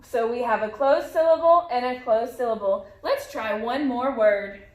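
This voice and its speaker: A woman's voice: a little high, normal speed, darkish tone, roomy sound. A woman teaching a phonics lesson to young children, patiently modeling sounds and words.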